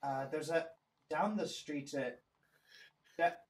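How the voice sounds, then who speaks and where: A man voicing a secretive male tavern keeper who talks in a hushed, confiding way. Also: a little high, takes it slowly, gravelly.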